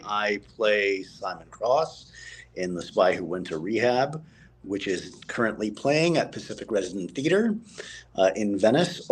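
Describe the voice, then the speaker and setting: A man's voice: on the low side, slightly rough, low-quality recording. A man, a stage actor chatting as a guest on a live stream over his phone, telling stories and laughing easily. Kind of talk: casual interview on a live stream.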